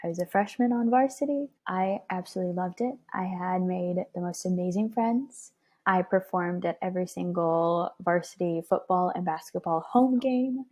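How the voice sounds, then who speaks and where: Husky young woman telling a story. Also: fairly low pitch, normal speed. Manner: lively, acts out quoted dialogue. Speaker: guest. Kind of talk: personal storytelling.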